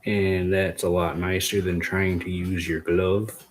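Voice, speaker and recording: A man with a deep, low voice talks through a hands-on project in a casual livestream tutorial. He rambles in a goofy way and breaks off to chat with his viewers. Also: little pitch movement, measured pace. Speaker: host demonstrating a DIY agar method.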